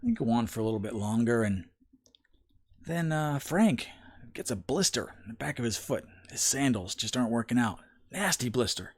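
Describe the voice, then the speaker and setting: A man's voice: mid-range voice, lively intonation, moderate pace, husky. A man giving opinion commentary, telling a parable in a folksy, emphatic storytelling manner.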